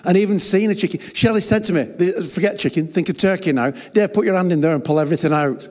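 A man's voice: high voice, fast talker. A man preaching a sermon, telling stories with humor and chatty asides. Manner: humorous, chatty storytelling with laughs. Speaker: pastor. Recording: long hall reverb.

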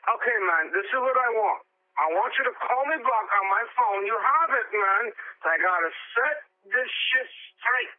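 A man's voice: high voice, expressive, unhurried. A man playing an agitated caller who rants and swears on a voicemail, repeating "man" often. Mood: furious. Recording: tinny phone-line voicemail.

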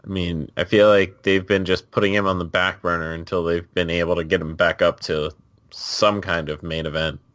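A man's voice: deep voice, level tone, moderate pace, fairly bright tone. A man co-hosting a casual chat show, talking in a dry, understated and teasing way. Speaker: podcast co-host. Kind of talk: casual chat about wrestling.

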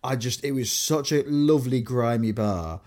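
A young English man, co-hosting a podcast, telling animated stories in casual chat with many restarts. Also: mid-range voice, normal speed. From England. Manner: animated storyteller, lots of fillers and restarts. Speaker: podcast co-host.

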